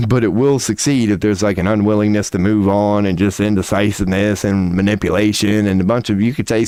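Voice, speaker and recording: This is a man ranting on a livestream that also features his tarot readings, excitable and profane, wandering off topic while his voice rises and falls sharply. The sound is clean studio audio with no echo.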